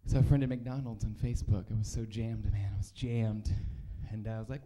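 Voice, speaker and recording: A man's voice: on the low side, steady tone, normal speed, warm tone. A man doing a rambling, self-deprecating stand-up comedy set on a comedy club stage, full of fillers and restarts.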